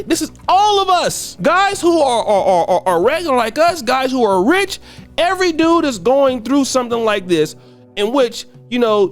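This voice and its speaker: Animated man reacting on camera. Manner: animated, voice jumps high when incredulous; repeats words when worked up. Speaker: commentary video host. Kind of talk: casual reaction commentary.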